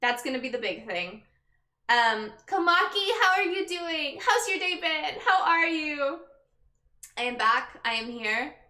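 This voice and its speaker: A woman's voice: sits high, expressive, unhurried, bright, forceful tone. A young woman streaming live, chatting casually with viewers, greeting them by name and sounding exhausted. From Texas. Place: her bedroom. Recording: echoey room with background music.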